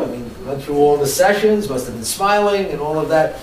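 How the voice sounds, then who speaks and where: Male workshop trainer, lively storytelling voice, fairly high pitch, echoey room, distant mic, faint hiss. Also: fairly quick, few pauses. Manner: animated storyteller, asks the audience questions.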